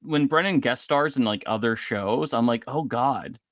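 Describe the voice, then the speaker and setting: A man hosts a relaxed interview in a chatty, rambling way, full of "like" and quick restarts. His voice sits at a mid pitch. The recording is close and dry, with no room sound. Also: no room sound. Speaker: interviewer host. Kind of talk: casual video interview.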